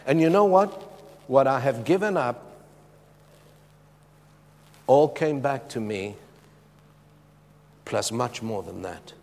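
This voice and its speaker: A man's voice: mid-range voice, animated, takes it slowly, creaky, long pauses, a little hiss or hum. Impassioned man preaching in a big hall. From Zimbabwe. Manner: impassioned, swinging from loud emphatic lines to hushed, soft ones. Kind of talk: sermon.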